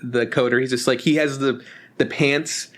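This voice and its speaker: A young man co-hosting a podcast in casual chat, rambling and swearing as he acts out scenes in quick put-on voices. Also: mid-range voice, fairly even intonation. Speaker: podcast co-host.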